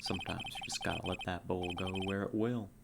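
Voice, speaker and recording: A woman's voice: a bass voice, fairly even intonation, gravelly, heavy background noise, pitched below the performer's own voice. Woman putting on a drawling cowboy man. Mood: folksy. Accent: American cowboy drawl, put on. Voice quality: folksy, slow drawl. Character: laid-back cowboy detective man, drawling. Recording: game music behind.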